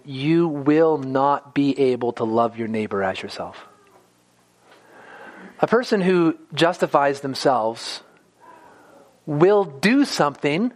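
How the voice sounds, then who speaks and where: An earnest man delivering a sermon in a voice set notably high for a man. He often stumbles and doubles back on his words as he makes his point. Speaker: preacher.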